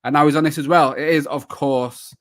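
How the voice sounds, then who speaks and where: A man's voice: fairly high pitch, steady tone, brisk. A man hosting a live football shirt show, chatting casually with many fillers and restarts. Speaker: podcast host.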